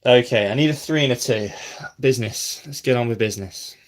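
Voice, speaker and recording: A man's voice: medium pitch, fairly quick. A man giving casual running commentary as he builds, talking to himself and at times dropping to a near whisper. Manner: self-deprecating, talks to himself while building; drops to a near whisper while concentrating. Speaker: brick-building vlogger.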